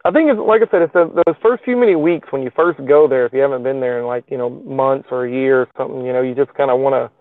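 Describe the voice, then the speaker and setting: A man's voice: mid-range voice, quick pace, few pauses, no room sound. A man chats loosely on his own live stream, rambling and filling his talk with folksy asides. His voice comes through thin and tinny, as if over a phone line, with a close, dry sound and no room around it. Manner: rambling, with many fillers and plain folksy speech. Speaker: live stream show host. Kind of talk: casual live stream chat. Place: parked car in a lot.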